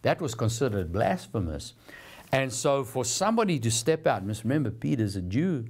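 A man's voice: mid-range voice, very animated, normal speed, a little mellow, breathy edge. A man hosting a televised Bible teaching program, preaching in an earnest, encouraging, conversational way.

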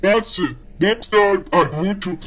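A man's voice: sits high, unhurried, a crowd in the background. A man voicing a short-tempered boy in a cartoon who rants and complains about web shows with a sneering manner. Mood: outraged. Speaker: ranting character.

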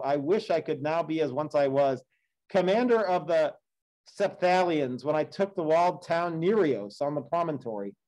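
A man's voice: on the high side, a little mellow, natural voice, rough recording. A man voicing Laertes, a frail, grieving old king full of longing, in a read-aloud of an epic poem.

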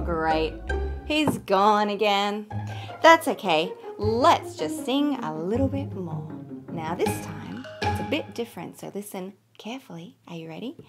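A woman teaching children to sing, talking gently and encouragingly and singing moo notes over a piano. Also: mid-range voice. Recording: piano music behind. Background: piano keyboard.

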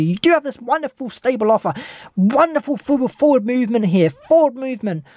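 A woman's voice: fairly high pitch, expressive, brisk, darkish tone, dry recording. A woman giving a tarot reading, talking eagerly and repeating her encouragements over and over. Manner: enthusiastic, repetitive encouragement. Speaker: tarot reader.

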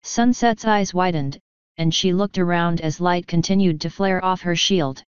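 A woman narrating a fan fiction story in an even, steady reading, in a slightly dull, dry recording. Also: fairly low pitch, normal speed, clear, resonant tone, dry recording.

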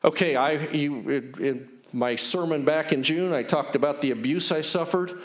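A male pastor preaching an animated sermon, telling personal stories and acting out the dialogue he retells. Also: on the high side, normal speed. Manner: earnest, personal testimony.

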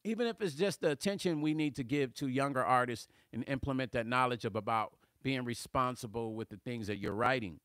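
Animated smooth-voiced man chatting on a live stream. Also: mid-range voice, brisk, few pauses, dry recording, studio quality. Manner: animated, laughs often, repeats words when fired up. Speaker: musician hosting a livestream. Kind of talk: casual livestream chat reading comments.

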